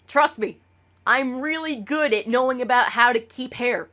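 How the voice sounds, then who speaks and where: A woman's voice: on the high side, moderate pace, sharp tone. A woman streamer talking casually to her chat, rambling and swearing with lots of stammered restarts.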